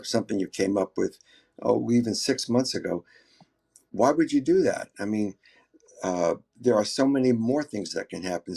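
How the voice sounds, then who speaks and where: Man, gravelly, husky, reflective, restarts sentences, group call. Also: lowish voice, dark tone. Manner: reflective, frequent restarts and fillers. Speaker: architect. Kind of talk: casual group discussion.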